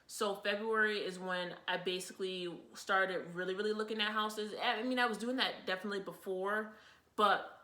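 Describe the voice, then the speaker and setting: A woman's voice: mid-range voice, steady tone, normal speed, sharp tone. A young woman vlogger telling a personal story in a rambling, casual way, with lots of fillers and repeats. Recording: echoey room.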